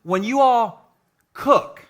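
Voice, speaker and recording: A middle-aged man, a pastor, preaching a jokey, animated sermon to a live congregation in a church. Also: extremely high pitch, very slow. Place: church sanctuary with live audience.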